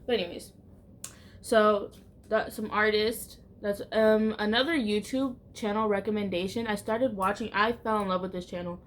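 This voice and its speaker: A woman's voice: medium pitch, steady tone, normal speed, a little hiss or hum. A woman talks to her viewers in a loose, casual vlog. She rambles and circles back on herself, leaning on "like" in almost every phrase. Her voice sits in an ordinary middle range. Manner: rambling, heavy use of "like" fillers. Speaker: YouTuber.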